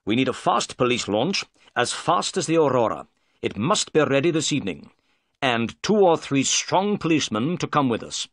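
A man voicing a confident, clever detective in a read-aloud story, brisk and commanding. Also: medium pitch, sing-song, no room sound, clean studio sound.

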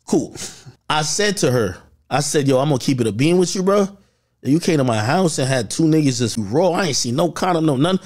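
A man with a high voice tells a story in a loose, casual way. He is animated and slang-heavy, and he acts out the lines of the people in it. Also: fairly quick.

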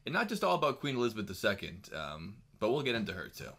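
A man's voice: on the low side, very animated, quick pace, vocal fry, a bit bright, slightly rough. A man co-hosting a podcast in casual chat, throwing in dry, teasing quips. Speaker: podcast co-host.

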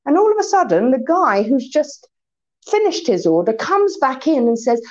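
Brief: female speaker, animated storyteller, slightly high-pitched, muffled recording. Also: normal speed. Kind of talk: religious community talk.

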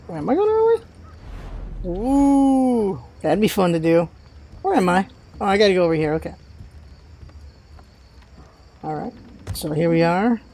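A man's voice: sits high, creaky, darkish tone. A man hosting a let's play, giving casual game commentary as he rants and swears in frustration.

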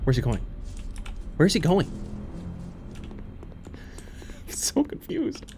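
A man playing a horror game on his channel, commenting excitedly with frequent laughter and panicky outbursts. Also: sits high, very slow, soft background music. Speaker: gaming YouTuber. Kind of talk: let's play commentary.

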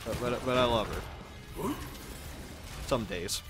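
A man's voice: medium pitch, takes it slowly. A man streaming a game, chatting casually with friends, teasing and swearing and laughing often. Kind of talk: casual gaming chat with friends. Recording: game music under voice. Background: game music and gunfire.

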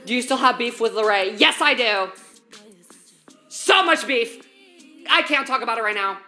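A young woman talks her viewers through a recipe in a home kitchen, full of valley-girl slang and casual swearing. Her voice sits a little high and sounds bright and forward. Faint music plays in the background. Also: fast talker. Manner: valley-girl slang, profane, chatty, talks straight to chat. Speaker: streamer. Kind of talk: casual baking livestream chat.

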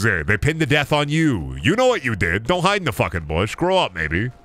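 A man's voice: medium pitch, wildly swooping pitch, normal speed, hardly any pauses, fairly bright tone, no echo. A man streaming a video game live, rambling and mocking his chat and opponents, with lots of swearing. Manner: rambling, self-interrupting. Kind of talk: live gaming commentary.

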